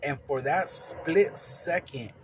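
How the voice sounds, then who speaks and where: A man's voice: fairly high pitch, slow, slight background noise, poor audio. A man giving a casual, rambling film review, with many fillers and restarts, frequent laughs and plenty of swearing. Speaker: movie reviewer.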